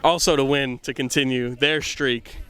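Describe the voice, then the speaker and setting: A man from the Boston area giving casual play-by-play commentary at a softball game outdoors, full of rambling, self-deprecating jokes. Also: medium pitch, fairly even intonation, moderate pace, clean tone.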